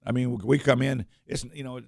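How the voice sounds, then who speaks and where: A man's voice: mid-range voice, level tone, fairly quick, vocal fry, darkish tone, no echo, clean studio sound. A man who runs a coin shop, talking as a radio guest, telling rambling stories and repeating words as he restarts his sentences. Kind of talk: casual storytelling on a talk radio show.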